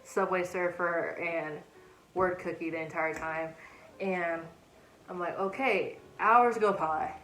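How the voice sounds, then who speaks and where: A woman's voice: lowish voice, steady tone, slow pace, a bit bright, reverberant, slight background noise, low-quality recording. A young woman in a casual storytelling vlog, chatting animatedly and acting out quoted asides, recorded on a phone. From United States. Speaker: vlogger. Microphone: phone camera.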